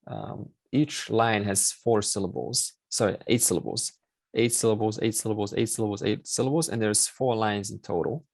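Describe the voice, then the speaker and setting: A man's voice: on the low side, gravelly, no room sound. A man teaching a Sanskrit class online, explaining step by step and repeating key words with many fillers.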